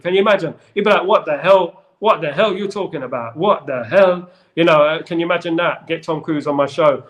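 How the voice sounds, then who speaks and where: A man's voice: fairly high pitch, a bit bright. A man hosting a casual football chat who rambles and jokes, with lots of wordplay. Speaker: football channel host.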